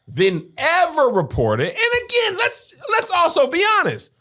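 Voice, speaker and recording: A woman's voice: high voice, huge pitch swings, unhurried, a bit bright. A woman podcast host in casual discussion, arguing her points with rhetorical questions. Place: podcast studio.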